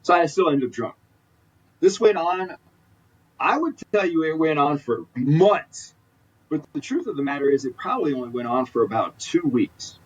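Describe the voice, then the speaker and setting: A husky-voiced man speaks earnestly, circling back and restarting as he tells his story. He sits back from the microphone, and the recording sounds dull and lo-fi. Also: a little high, lively intonation, normal speed. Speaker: podcast guest. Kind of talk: candid personal storytelling. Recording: distant mic, dull lo-fi sound.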